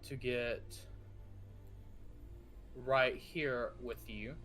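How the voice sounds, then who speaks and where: A man's voice: medium pitch, steady tone, very slow, fairly bright tone, faint music behind. A man narrating and running a tabletop game as game master, describing actions with lots of fillers and restarts. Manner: narrates actions with frequent fillers and self-corrections.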